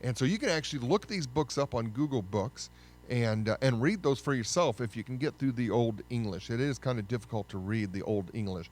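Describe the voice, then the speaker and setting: A man's voice: mid-range voice, expressive, fairly quick, darkish tone. Casual male history lecturer, faint music. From United States. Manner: conversational, with frequent fillers and self-corrections. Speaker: history teacher.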